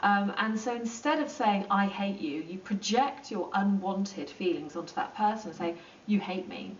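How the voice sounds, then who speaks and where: A woman explaining psychology in a relaxed, chatty lesson, with plenty of ums and acted-out asides. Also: medium pitch, normal speed, a little hiss or hum. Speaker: psychology teacher. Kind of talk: informal lesson explaining to camera. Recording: roomy, distant and dull.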